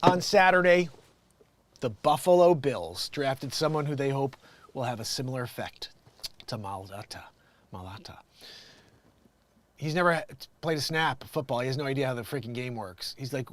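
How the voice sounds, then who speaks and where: A man's voice: mid-range voice, animated, normal speed, long pauses. A man hosting an improvised comedy show, reading the news and breaking off into jokey, rambling asides.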